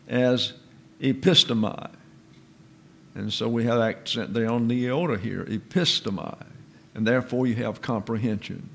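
A man's voice: mid-range voice, gravelly. A man teaching a Bible doctrine lesson, carefully explaining how Greek words are pronounced and repeating terms with precision. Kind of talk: slow teaching sermon with Greek word study.

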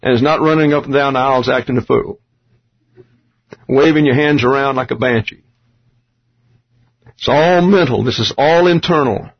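A man's voice: mid-range voice, moderate pace, long pauses. A man teaching a Bible study lesson on Greek grammar, explaining terms step by step with dry asides. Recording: dull lo-fi recording.

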